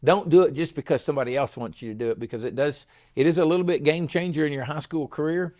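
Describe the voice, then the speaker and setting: A man's voice: on the high side, quick pace, darkish tone. Folksy man, rambling chat. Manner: rambling, repeats words, folksy. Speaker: school superintendent, show host. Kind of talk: casual chat.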